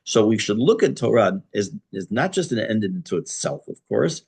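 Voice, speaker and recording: A man teaching a relaxed, conversational Torah class as a rabbi, talking with many restarts and fillers. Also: fairly low pitch, normal speed, vocal fry, slightly rough. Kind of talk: informal Torah lesson.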